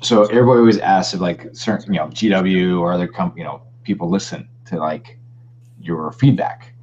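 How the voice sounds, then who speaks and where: A low-voiced, mellow man chats loosely as co-host of a live show, trailing into fillers. The audio is dull and lo-fi with faint noise. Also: steady tone, a little fast. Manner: chatty, rambling with fillers. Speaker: podcast co-host. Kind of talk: casual live-stream chat.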